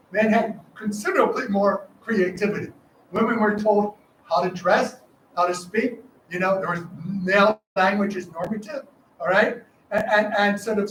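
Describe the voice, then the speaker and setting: An older man talks through a lecture in a high voice, loose and conversational, stopping to ask his listeners "all right?". He sounds a little distant from the mic, in a reverberant hall with faint room hum behind him. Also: a bit bright. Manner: conversational, rambling with restarts, frequent "all right?" checks. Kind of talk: academic talk with slides. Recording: echoey hall recorded from afar.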